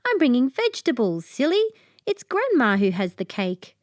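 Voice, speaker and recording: A woman voicing a cheerful, helpful little girl in a children's storybook, speaking brightly and earnestly. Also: medium pitch, very animated, measured pace, no room sound, studio quality. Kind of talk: storybook character voice.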